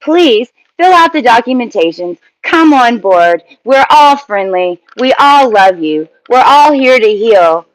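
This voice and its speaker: Brief: cheerful male starship welcomer, put on by a man, high-pitched and friendly. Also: lively intonation, unhurried, few pauses, no echo, poor audio. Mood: welcoming. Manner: upbeat, questioning, friendly.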